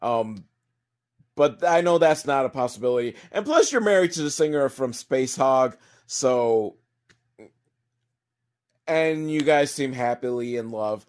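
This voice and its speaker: A man's voice: medium pitch, lively intonation, unhurried, long pauses, darkish tone. A man giving a rambling, profane and mocking recap of a movie as a comedic reviewer. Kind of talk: sarcastic movie recap monologue.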